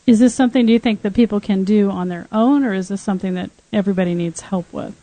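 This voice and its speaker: Mellow-voiced woman podcast host. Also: mid-range voice, fast, poor audio. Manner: engaged questioner, chatty storyteller. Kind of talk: casual podcast interview.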